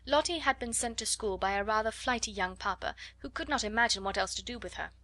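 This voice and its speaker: A woman reading a classic children's novel aloud as an audiobook narrator, in measured, expressive storytelling. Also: a little high, no room sound. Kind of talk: scripted narration.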